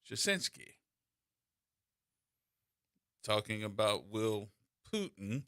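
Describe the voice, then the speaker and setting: Animated New radio host, forceful voice. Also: male voice, medium pitch, dry recording, clean studio sound. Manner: animated storytelling, repeats and restarts. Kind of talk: call-in talk radio monologue. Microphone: studio microphone.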